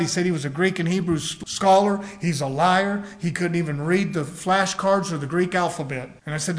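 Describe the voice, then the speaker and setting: A man's voice: high voice, quick pace, hardly any pauses. A man preaching a sermon in a folksy storytelling way, acting out the people he quotes.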